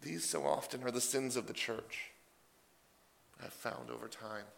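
A man preaching a sermon, retelling scripture in a casual, animated paraphrase. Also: mid-range voice, a little slow, creaky.

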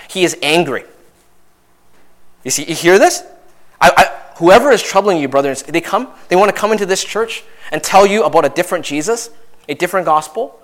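A young adult male pastor preaches conversationally at a normal pace, full of asides and tag questions. He's animated, and his pitch and volume climb whenever he hammers home a point.

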